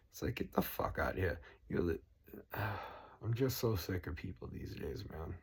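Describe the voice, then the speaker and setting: A man's voice: sits low, lively intonation, moderate pace, creaky, breathy edge. A man in his forties delivering an angry, profane, rambling political rant. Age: 40s. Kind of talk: ranting monologue.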